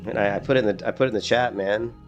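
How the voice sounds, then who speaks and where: A man's voice: fairly low pitch, steady tone, rapid-fire, lo-fi sound, soft background music. A middle-aged man chatting casually while streaming a game, rambling, swearing and laughing at his own stories. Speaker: gaming streamer.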